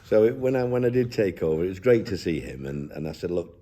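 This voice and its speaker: Low-voiced and warm, an older football manager talks at a quick pace with big swings in pitch. He reminisces in a reflective interview, down-to-earth and rambling with many restarts.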